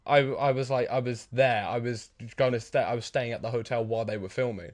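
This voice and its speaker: Young male podcast co-host; casual, rambling anecdotes, quick-fire quiz questions. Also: medium pitch, darkish tone. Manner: rambling storyteller, acts out quoted lines.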